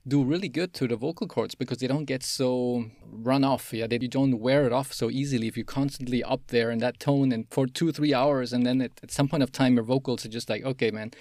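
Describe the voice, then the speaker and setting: A man hosting an interview, asking questions in a relaxed way and laughing often. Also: mid-range voice, a little fast, few pauses, dry recording, studio quality. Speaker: podcast host.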